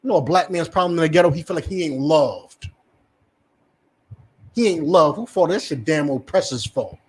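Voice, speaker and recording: A man's voice: a little high, expressive, normal speed, a little mellow. Fiery swearing male street preacher. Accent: New Jersey. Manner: fiery, swearing, acts out quoted voices. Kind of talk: street sermon teaching.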